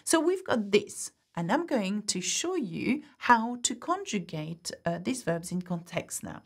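A woman's voice: mid-range voice, sing-song, unhurried, breathy edge. A woman teaching a French grammar lesson, patiently explaining step by step and often checking in with "okay?". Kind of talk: online language lesson.

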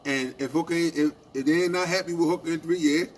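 A man co-hosting a union radio show, telling animated stories in casual talk and asking "right?" after his points. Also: fairly high pitch, fast, slight background noise. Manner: animated storytelling, acting out quoted exchanges, repeated "right?".

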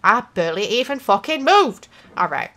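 A young woman giving frustrated gameplay commentary, swearing constantly and swinging between sarcasm and yelling. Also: fairly high pitch, sing-song, moderate pace. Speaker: gaming channel host.

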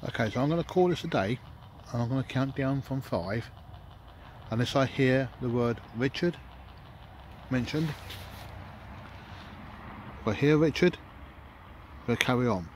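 A man running a ghost hunting session outdoors at night, talking slowly and calmly to coax spirits. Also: mid-range voice. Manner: calm, coaxing, speaks slowly to spirits. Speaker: paranormal investigator. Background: faint noise of passing traffic.

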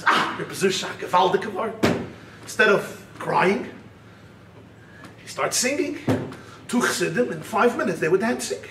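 A man, a rabbi, giving a keynote lecture that mixes teaching with storytelling, swinging between shouted emphasis and hushed low asides. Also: expressive, unhurried, pauses often. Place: large hall at a weekend retreat. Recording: echoey hall, far-off mic, faint hiss.

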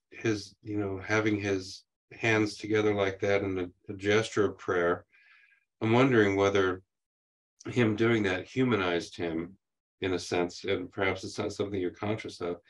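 A man interviewing a veteran, asking questions in a hesitant, searching way with many restarts. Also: lowish voice.

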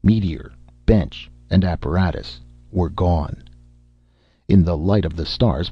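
A man reading a science fiction story aloud in steady audiobook narration, with occasional stammers. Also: low-pitched, breathy edge, no echo. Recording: dull lo-fi dry recording.

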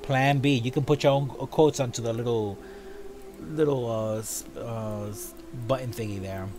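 A man hosting a casual show, chatting playfully as he reviews event items, with quick asides. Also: medium pitch, a little mellow, soft background music. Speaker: show host.

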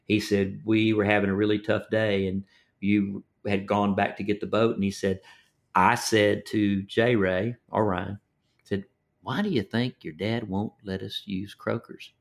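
A man's voice: fairly low pitch, little pitch movement, measured pace, gravelly. An older man from Texas with a Texan accent, a fishing guide telling stories in a folksy interview, often repeating his words. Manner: folksy, repeats words, acts out quoted voices. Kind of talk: storytelling interview.

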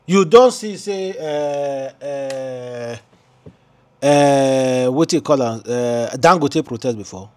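A man's voice: mid-range voice, takes it slowly, a little mellow. A man with a Nigerian Pidgin accent hosting a news commentary, chatty and rambling. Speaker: commentary channel host.

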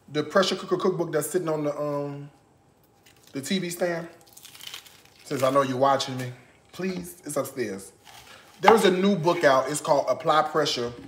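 A man with a fairly high voice hosts his own cooking vlog from his home kitchen, chatting playfully and sassily and now and then breaking into song. The sound is roomy with slight background noise.

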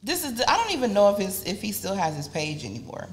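A woman's voice: medium pitch, big pitch swings, fast, a little hiss or hum. A woman in her forties, a guest on a casual chat show, speaking frankly and pushing back on the hosts. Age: 40s.

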